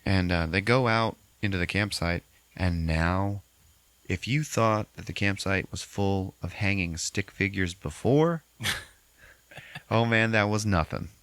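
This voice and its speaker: A man hosting a podcast, recapping a movie in a casual, profane, animated way and acting out the characters. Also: sits low, a little slow, clear, resonant tone, no echo. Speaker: podcast host.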